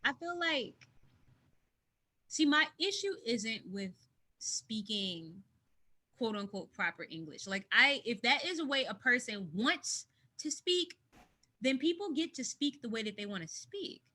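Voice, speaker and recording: A woman from the United States speaking candidly as an interview guest, emphatic and outspoken, on a video call from home. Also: mid-range voice. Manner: emphatic, animated, speaks her mind.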